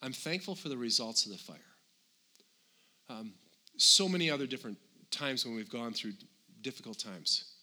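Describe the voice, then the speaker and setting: An older man preaching a sermon as pastor, animated and swinging between loud and quiet. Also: medium pitch, normal speed, pauses often.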